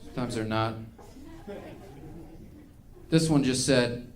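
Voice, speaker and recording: A man's voice: a little high, moderate pace, background noise. A man doing a stand-up comedy routine, ranting in an exasperated, self-mocking way.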